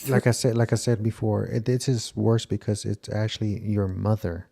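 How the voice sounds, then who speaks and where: A man's voice: fairly low pitch, fairly even intonation, normal speed, vocal fry, warm tone. A man giving blunt, casual reaction commentary, with swearing and stop-start phrasing. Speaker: reaction video host.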